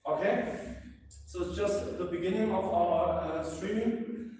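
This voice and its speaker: Guy coaching a kung fu class, english, high-ish voice, mic far away, faint hiss behind. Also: unhurried, warm tone, very echoey, big-room sound. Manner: broken English, counting and coaching, frequent okay and right. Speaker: martial arts instructor. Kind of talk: live-streamed class instruction. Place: training hall of a martial arts school.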